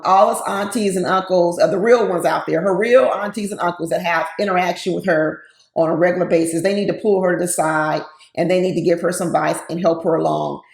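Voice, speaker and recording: A woman's voice: on the low side, vocal fry, echoey room. A woman giving a casual, opinionated recap of a reality TV episode, with many fillers and the odd laugh. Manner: laughs between her comments.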